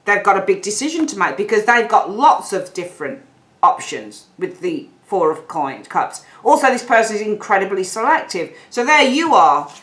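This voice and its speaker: A woman's voice: medium pitch, sing-song, moderate pace, fairly bright tone. Woman, tarot reader, chatty, repeats herself for emphasis. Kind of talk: tarot reading to camera.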